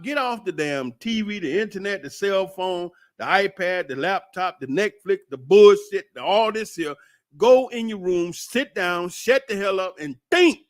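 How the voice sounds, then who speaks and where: A middle-aged man with holds forth in a loose, preachy monologue. His fairly high voice swings widely up and down as he swears freely and speaks without pause. The recording is dry and close, with no room sound. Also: dry recording. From United States. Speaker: commentator. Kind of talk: casual monologue.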